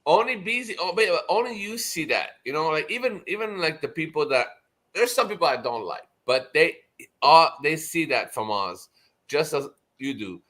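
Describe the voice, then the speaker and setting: A man chatting on a live stream, telling stories with lots of swearing and acting out other people in loud, shouted quotes. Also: on the high side, lively intonation, moderate pace. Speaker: live stream chat participant. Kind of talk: rowdy casual chat, profane.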